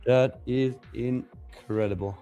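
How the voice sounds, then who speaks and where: A man's voice: medium pitch, steady tone, slow pace, dark tone, muffled recording, faint music behind. Upbeat male stream co-host. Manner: upbeat, addresses chat, short reactions. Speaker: live trading stream co-host. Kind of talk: casual chat with viewers.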